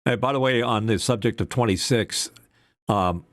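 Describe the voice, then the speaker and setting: A man with a mid-range, fairly bright voice talks at normal speed, with no room sound in the recording. He's an older former radio DJ co-hosting a casual talk show, a rambling storyteller whose tales are packed with fillers in easygoing podcast chat.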